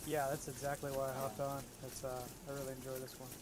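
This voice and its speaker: A man chatting casually with a streamer during a game, giving quiet, low-key, brief replies. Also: completely flat delivery, quick pace, a loud crowd. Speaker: fellow player.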